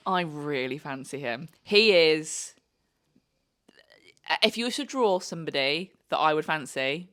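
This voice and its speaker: A woman's voice: low-pitched, animated, measured pace, fairly bright tone. A young woman co-hosting a podcast, blunt, sweary and gossipy in casual chat. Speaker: podcast co-host.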